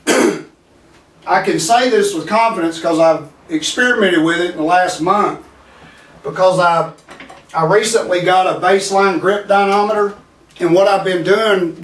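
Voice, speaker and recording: A man with a fairly high voice explains grip training to his viewers in an earnest, step-by-step way. He often restarts a phrase and checks in with "okay." The sound is roomy and echoey, picked up from some distance away from the mic. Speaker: vlogger demonstrating grip training. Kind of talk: casual instructional talk to camera.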